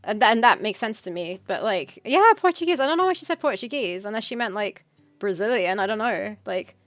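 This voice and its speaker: A woman's voice: medium pitch, animated, brisk, fairly bright tone, no room sound. British woman co-hosting a casual stream; rambling, filler-heavy storytelling. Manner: chatty, hesitant storytelling with many fillers. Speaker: streamer co-host. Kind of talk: casual chat.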